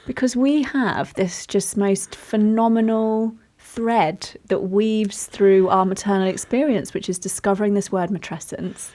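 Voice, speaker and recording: A woman in her thirties hosts a podcast conversation with open enthusiasm. She tells her stories with warmth and laughs easily, her pitch sitting at an ordinary middle height. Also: fairly even intonation, a little slow, few pauses. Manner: enthusiastic, storytelling, laughs often. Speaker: podcast host. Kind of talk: conversational interview.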